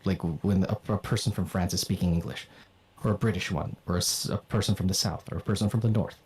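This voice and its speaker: A man raised in the Philippines chatting casually on a livestream, animated, swearing and laughing often. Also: deep voice, quick pace. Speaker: streamer and voice actor.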